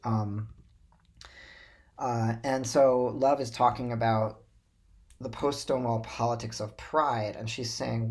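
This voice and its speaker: A man's voice: medium pitch, steady tone, takes it slowly, long pauses. A man giving a recorded video lecture in a casual way, with many fillers and stammered restarts.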